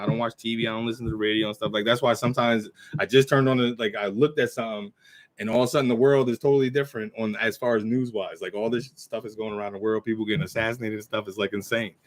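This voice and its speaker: A man in his forties speaks casually into a computer mic, his voice sitting at an ordinary middle pitch. He rambles, restarts his sentences and clears his throat often, in the easy manner of someone telling stories. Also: fairly even intonation. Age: 40s. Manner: recites his own verses in a slow, measured cadence. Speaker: channel host. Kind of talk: casual talk to camera.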